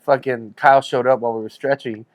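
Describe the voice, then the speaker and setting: A man's voice: mid-range voice, steady tone, fast talker, no room sound. A man in his forties co-hosts a podcast in casual chat, laughing often and swearing freely. His voice sounds dry and close, with no room around it. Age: 40s. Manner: laughing, profane, self-mocking banter. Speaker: podcast co-host.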